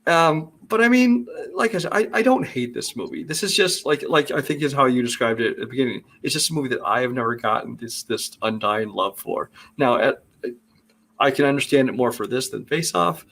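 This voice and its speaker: Male co-host, mid-pitched, critical, rambling casual movie talk. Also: expressive, brisk, creaky, a bit bright. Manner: critical, rambling, many fillers. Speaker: podcast co-host.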